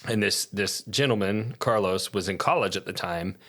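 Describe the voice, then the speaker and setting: A man who is a podcast guest, telling a long anecdote in casual, lively style and cursing freely. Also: lowish voice, moderate pace. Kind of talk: casual storytelling.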